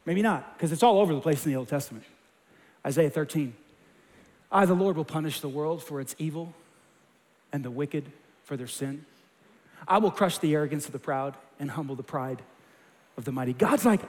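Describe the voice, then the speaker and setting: A male pastor with a high, bright-pitched voice delivers an impassioned sermon. He swings between hushed, earnest stretches and loud, rising emphasis, acting out short quoted voices. The sound carries a long reverb tail, as in a large church sanctuary. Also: lively intonation, brisk, long pauses. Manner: impassioned, quoting scripture with acted asides.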